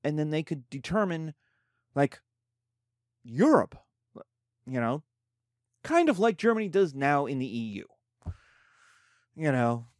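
A man teaching a history class in a loose, animated, colloquial way, slipping into quoted voices for the nations. His voice sits a bit higher than most men's, and the sound is dry and close. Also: no echo. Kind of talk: casual history lecture.

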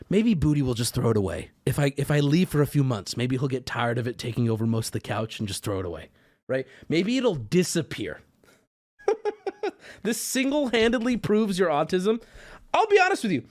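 A man streaming, telling a long rambling story to his chat, cursing often, laughing at himself and mocking his own overreaction. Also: high-pitched.

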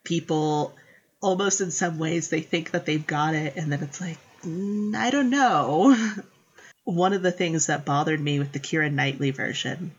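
A woman's voice: deep voice, fairly even intonation, normal speed, husky, dull audio. A woman chatting casually and animatedly, often acting out quotes and laughing. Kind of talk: casual chat about book adaptations.

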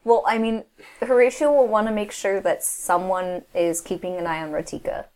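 A woman's voice: mid-range voice, steady tone, normal speed, a little mellow. A woman playing a tabletop role-playing game, chatty, swearing and riffing on jokes. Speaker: player. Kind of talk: casual tabletop play.

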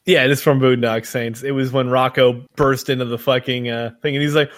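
A man's voice: mid-range voice, little pitch movement, fairly quick, few pauses, fairly bright tone. A man co-hosting a podcast, joking and telling stories in casual chat. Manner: joking, laughs easily, storytelling. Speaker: podcast co-host.

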